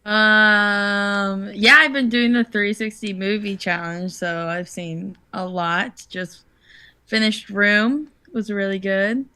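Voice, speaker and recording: A woman's voice: medium pitch, slow pace, pushed and bright, smooth. A young woman, a podcast guest on a remote call, giving hesitant opinions full of fillers.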